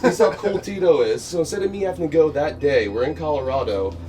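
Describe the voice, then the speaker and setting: A man, a guest in a casual chat, telling a story animatedly, swearing and getting loud at the punchlines. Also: a little high, fast, crowd noise. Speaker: guest, pitcher. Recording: far from mic with faint noise.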